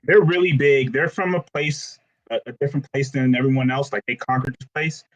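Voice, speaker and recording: A man's voice: mid-range voice, steady tone, a little fast, lo-fi sound. Joking man recapping a show. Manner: joking, wry. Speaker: podcast co-host. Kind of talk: casual chat, recapping a show.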